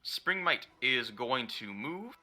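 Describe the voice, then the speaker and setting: A man's voice: medium pitch, sing-song, slow pace, pushed and bright, soft background music. A man running a tabletop game as dungeon master, narrating with many fillers and easy laughs.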